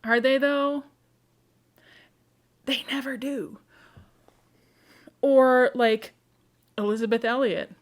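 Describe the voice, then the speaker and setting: A woman presenting a casual, chatty talk on novels, full of quick asides. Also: sits high, steady tone. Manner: chatty, quick asides, mimics characters she discusses. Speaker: conference presenter.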